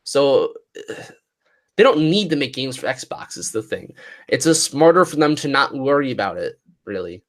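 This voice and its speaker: Podcast co-host, male, mid-pitched voice with lots of swing, chatty and hedging. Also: sing-song, measured pace. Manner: conversational, hedging, corrects facts. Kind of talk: casual chat.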